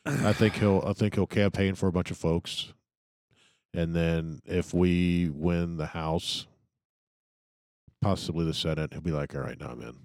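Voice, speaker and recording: A man's voice: low voice, level tone, unhurried, long pauses, darkish tone, no room sound, studio quality. A man co-hosting a casual political chat, emphatic and swearing freely. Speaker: podcast co-host.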